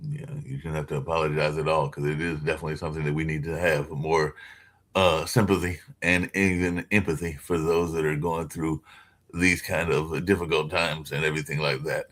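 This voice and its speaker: A man on a panel responds calmly and reassuringly to another speaker in a casual discussion. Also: rumbling low, a little fast. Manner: calm and reassuring, sympathetic tone. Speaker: forum panelist. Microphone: video call.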